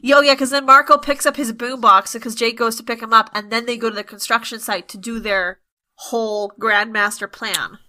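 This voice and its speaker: A woman's voice: a little high, fairly even intonation, normal speed, sharp tone. A woman co-hosting a podcast, retelling scenes in casual chat with sardonic mock quotes. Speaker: podcast co-host.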